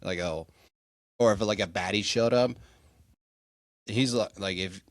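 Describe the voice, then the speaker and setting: A man's voice: lowish voice, unhurried, dry recording. A young man hosting a solo sports podcast, rambling casually with lots of fillers and swearing. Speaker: podcast host.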